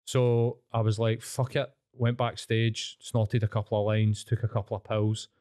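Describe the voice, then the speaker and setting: A man's voice: on the low side, little pitch movement, normal speed, dark tone, smooth, no room sound, studio quality. A man in his thirties with a Glaswegian Scottish accent, telling blunt, sweary stories as a podcast guest, rambling with restarts. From Scotland. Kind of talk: candid storytelling.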